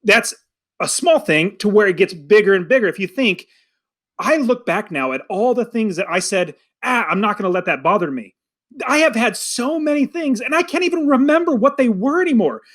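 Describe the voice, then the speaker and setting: A middle-aged man talking casually on a podcast, his voice sitting high for a man. He is animated, often slipping into quoted voices and lines to act out what he describes. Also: normal speed. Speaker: podcast co-host.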